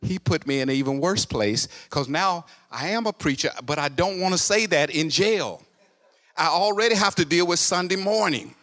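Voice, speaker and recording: A male preacher telling a story in a sermon, dropping to a hush, then rising to loud, animated exclamations. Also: a little high, moderate pace. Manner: animated, swinging from hushed narration to loud exclamations.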